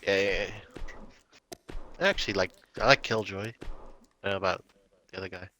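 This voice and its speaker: A man chatting casually as a friend on a game stream, firing off quick questions in banter. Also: sits low, pushed and bright, a little hiss or hum. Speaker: friend joining the stream chat. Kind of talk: casual chat.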